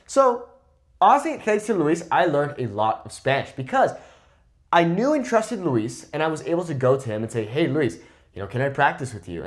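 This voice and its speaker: Lively young man teaching, animated pitch. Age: 20s. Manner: lively, emphatic, repeats "okay?" to check in. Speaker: Spanish teacher. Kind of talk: casual talking-head lesson.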